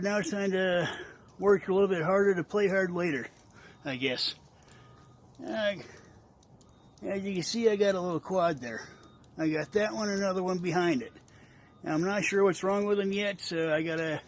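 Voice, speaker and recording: A man hosting his own vlog in a casual, halting way, with a congested, nasal voice and many fillers. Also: high-pitched, a little hiss or hum. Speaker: vlog host.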